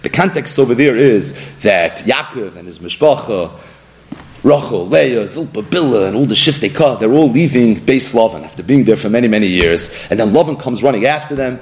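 Lively, animated man teaching Torah. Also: mid-range voice. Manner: animated, acts out quoted speakers and mixes in Hebrew and Aramaic terms. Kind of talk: Torah lesson.

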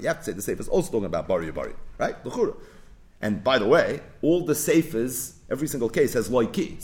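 Animated fast-talking man teaching Talmud. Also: medium pitch. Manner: animated, rhetorical questions, mixes Yiddish and Hebrew terms. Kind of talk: daf yomi Talmud lecture.

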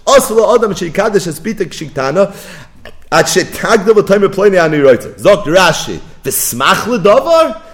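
Animated man giving a lecture. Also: sits high, normal speed. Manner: animated, singsong quoting of texts, rising to near-shouts. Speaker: Talmud teacher. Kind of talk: yeshiva-style Talmud lecture.

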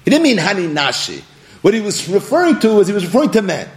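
A man's voice: high-pitched, very animated, fast. A man giving a Talmud study lecture, animatedly posing questions and then answering them himself. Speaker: Talmud teacher.

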